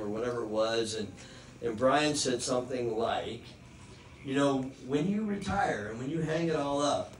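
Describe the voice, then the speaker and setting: A man's voice: medium pitch, normal speed, a little hiss or hum. A middle-aged American man giving a rambling retirement speech, laughing often and restarting his sentences. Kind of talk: retirement speech, casual storytelling. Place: party room with an audience. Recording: echoey room, distant mic, crowd. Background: crowd chatter and laughter.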